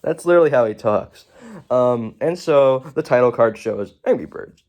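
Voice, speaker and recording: A man reviewing a movie in a casual, rambling way, stumbling over words and correcting himself as he goes. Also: normal speed. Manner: rambling, with self-corrections and asides; very animated pitch swings.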